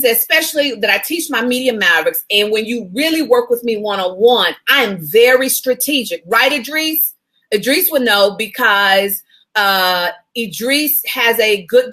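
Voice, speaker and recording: A woman media coach chats casually with viewers on a live video call recorded through a phone, greeting them by name while she tells a story. Her voice is fairly high, pushed and bright.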